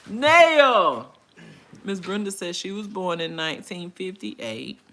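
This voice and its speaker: A woman's voice: lowish voice, a bit bright. A woman in her forties hosting a casual livestream, reading viewer comments aloud and chatting in a folksy way with frequent laughter. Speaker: livestream host.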